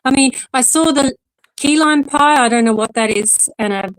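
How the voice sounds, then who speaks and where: A woman's voice: high-pitched, moderate pace, rough recording. An Australian woman chatting casually as co-host and explaining things at length. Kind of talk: casual chat.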